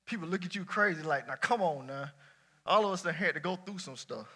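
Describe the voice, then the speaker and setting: A man preaching a sermon to a church congregation, talking casually, shouting at some points and dropping low at others. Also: fast talker. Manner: lively colloquial preaching, swinging between shouts and near-quiet asides. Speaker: pastor.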